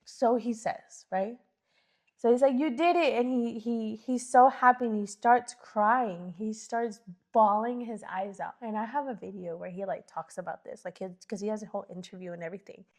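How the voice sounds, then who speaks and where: A woman's voice: mid-range voice, moderate pace. A woman hosting a podcast, telling a story in casual chat and acting out the quotes with lots of "like"s. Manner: animated, acts out quotes, many "like"s. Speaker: podcast host.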